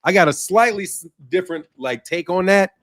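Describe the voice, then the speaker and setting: A man's voice: high-pitched, brisk, a bit bright, no room sound, clean studio sound. A man hosting a casual talk show, speaking bluntly and profanely and laughing at his own points. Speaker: show host. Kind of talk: casual podcast chat.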